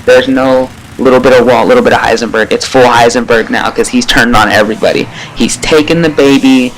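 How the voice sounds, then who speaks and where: A man giving a casual spoken episode review, rambling and excitable, with lots of fillers and casual swearing. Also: mid-range voice, fairly quick, a little hiss or hum, rough recording.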